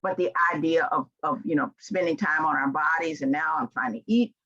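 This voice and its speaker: A keynote speaker, an older woman with a Southern American accent from Memphis, Tennessee, offers a heartfelt, down-home motivational talk to a crowd. She talks fairly quickly and expressively in a low, fairly bright voice; the sound quality is dull and lo-fi.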